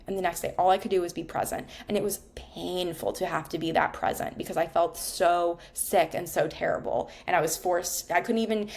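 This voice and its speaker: Woman, 30s, talking about her life real casual and frank, bit of vocal fry. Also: on the low side, darkish tone. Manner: frank and conversational, swears casually. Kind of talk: candid personal storytelling.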